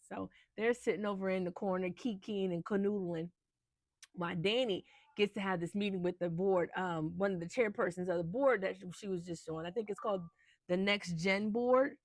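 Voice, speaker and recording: A woman vlogger recaps a soap opera in an animated, casual chat, acting out each character's lines and tossing in slangy asides. A lively storyteller, she slips into character voices, speaking at normal speed with a medium pitch. There's no echo.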